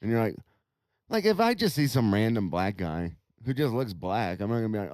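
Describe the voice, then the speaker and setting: A man's voice: on the low side, sing-song, a little fast, darkish tone, no room sound. A man co-hosting a podcast, speaking bluntly and provocatively in casual chat. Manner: blunt, provocative, laughs at own remarks. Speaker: podcast co-host.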